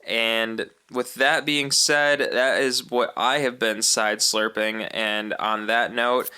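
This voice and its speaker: A man's voice: medium pitch, level tone, slow pace, bright, forceful tone, smooth. A man co-hosting a film podcast in casual chat, playful and reading out film details. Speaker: podcast co-host.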